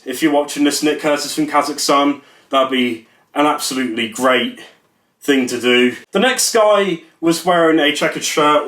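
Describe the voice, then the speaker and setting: A man's voice: a little high, a bit bright. A young man, rambling and joking at his own expense in a casual vlog. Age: young adult. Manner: jokey, rambling, self-mocking. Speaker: YouTuber. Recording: echoey room.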